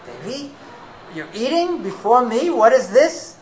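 A man's voice: very high voice, big pitch swings, unhurried, pitched above the performer's own voice, exaggerated voice, rough recording. A man voicing a devout brahmin husband who questions in disbelief in a retold devotional story. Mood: incredulous. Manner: questioning, incredulous.

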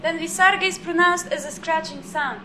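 High-voiced woman teaching pronunciation. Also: bright, forceful tone, soft background music. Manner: patient, corrective, repeats words slowly and precisely. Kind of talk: live class lesson.

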